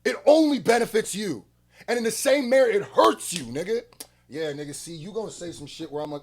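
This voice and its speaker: Male reaction host, heated and profane, slightly high voice, big swings from loud rants to quiet asides. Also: animated, a little fast. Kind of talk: reaction commentary.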